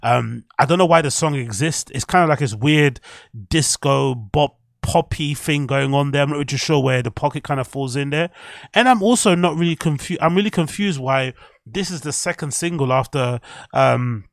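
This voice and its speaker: A man's voice: fairly high pitch, moderate pace, gravelly, dry recording, clean studio sound. A young man hosting a casual podcast, rambling with strong opinions, swearing and laughing at his own jokes. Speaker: podcast host.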